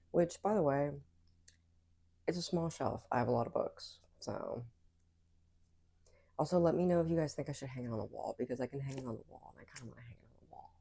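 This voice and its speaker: A woman's voice: rumbling low, dark tone. A woman chatting casually in a book vlog from her room at home, rambling with lots of fillers and asides, and bothered by hiccups. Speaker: book vlogger. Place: bedroom at home.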